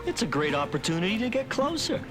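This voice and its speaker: Flirty cartoon hero. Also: male voice, sits high, very animated, fast, over music. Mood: playful. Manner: playful, flirty. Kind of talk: 1980s cartoon voice acting. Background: loud cartoon score.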